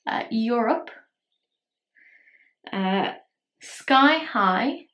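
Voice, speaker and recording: A woman's voice: a little high, animated, drawn-out words, fairly bright tone. A woman, chatting playfully through a makeup tutorial and poking fun at herself. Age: 30s. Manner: chatty, playful and self-mocking. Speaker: makeup vlogger. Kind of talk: casual makeup tutorial chat.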